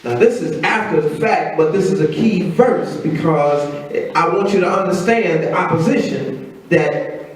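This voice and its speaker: A man preaching a sermon, telling the story conversationally and acting out quotes in a low voice. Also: unhurried. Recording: very echoey room, voice from a distance.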